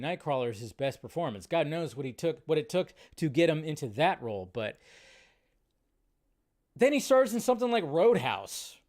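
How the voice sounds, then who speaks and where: Male host, high voice, exasperated ranting movie news commentary on a live stream. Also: a little mellow. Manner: ranting, exasperated, talks to viewers.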